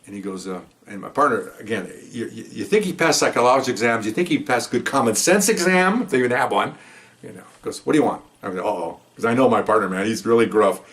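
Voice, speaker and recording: Fast-talking older man telling cop stories. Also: mid-range voice, lively intonation, fairly bright tone. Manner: rambling, checks in with "okay?", many restarts. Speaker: police veteran storyteller. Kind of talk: casual storytelling monologue.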